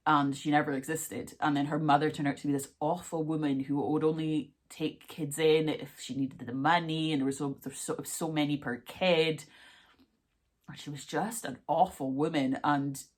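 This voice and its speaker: A young woman with a notably low voice rambles excitedly through a casual reaction vlog, dropping fillers and asides as she goes. Her delivery is chatty and animated. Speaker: vlogger.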